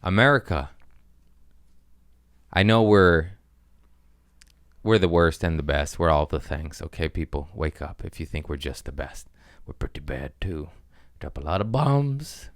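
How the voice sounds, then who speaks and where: Deep-voiced man on a crude, rambling rant. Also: expressive, unhurried, long pauses, dry recording, clean studio sound. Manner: rambling, crude, riffing with sudden loud bursts. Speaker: comedian podcast host. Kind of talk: casual comedic rant.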